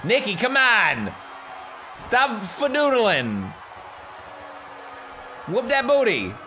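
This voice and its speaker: A man commentating his own wrestling video game playthrough, joking, shouting at the screen and laughing. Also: extremely high pitch, huge pitch swings, drawn-out words, a little hiss or hum. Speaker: gameplay commentator. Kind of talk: excited gameplay commentary.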